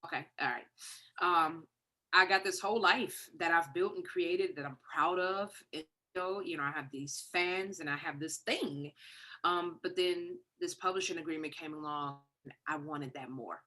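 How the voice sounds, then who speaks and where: Guest spot: middle-aged Detroit woman, lower pitch, bright forceful tone, lively storyteller on a video call. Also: moderate pace. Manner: animated, acts out quoted voices. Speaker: guest songwriter. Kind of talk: casual storytelling.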